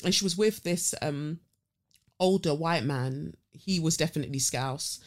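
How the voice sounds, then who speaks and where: A young woman, telling a story as a blunt, animated and sweary rant. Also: low-pitched, measured pace. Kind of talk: ranting storytelling.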